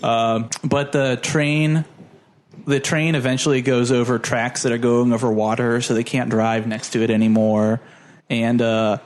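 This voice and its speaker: A young man on a casual podcast, animatedly retelling a film plot with lots of "like" and silly character voices. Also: mid-range voice. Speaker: podcast co-host. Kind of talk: casual movie plot recap.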